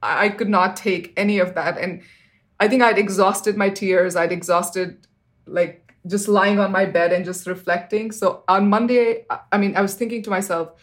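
A woman in her thirties, appearing as an interview guest, earnestly shares a personal story in a steady tone at normal speed. She uses fillers like "you know," and her pitch jumps up suddenly whenever she acts out what people said.

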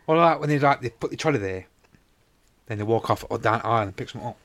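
A man chats casually on a podcast, telling long rambling stories. He swears freely and acts out the voices of the people in his anecdotes. His voice sits at a middling pitch. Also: expressive, fast, fairly bright tone. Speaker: podcast co-host. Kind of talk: casual chat.

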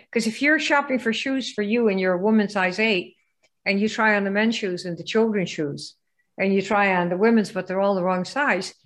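A woman giving a live business training presentation. She keeps firing rhetorical questions at her listeners and pushing them to answer. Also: fairly high pitch. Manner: rhetorical, quizzes the audience.

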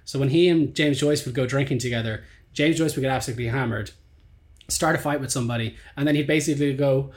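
A man hosting a podcast in casual chat, telling animated stories and laughing often, recorded in a small flat. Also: mid-range voice, fast talker. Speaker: podcast host.

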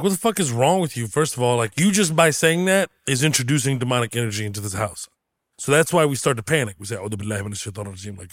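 A man hosting a comedy podcast, joking loudly and profanely in casual chat. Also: mid-range voice, dry recording, clean studio sound. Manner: loud, profane, animated joking. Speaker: podcast host.

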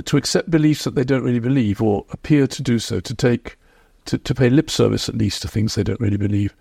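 A man being interviewed as a historian, explaining in a reflective, measured way. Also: mid-range voice, vocal fry, darkish tone, no echo, clean studio sound. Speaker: historian guest. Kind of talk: podcast interview.

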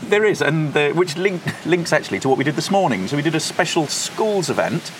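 A man's voice: on the high side, expressive, brisk. A man co-hosting a podcast, talking enthusiastically and explaining history at length, recorded outside in a windy courtyard. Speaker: podcast co-host. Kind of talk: casual chat.

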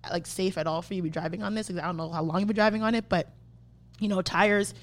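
A woman's voice: on the low side, fast talker. A young adult woman, a podcast host telling a story in casual, profane chat and acting out what people said. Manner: profane, animated, acts out quotes.

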